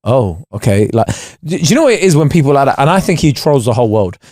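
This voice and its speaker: A man, co-hosting a podcast in animated, slangy, sweary banter. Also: mid-range voice, fast, dry recording, studio quality. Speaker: podcast co-host. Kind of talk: casual banter.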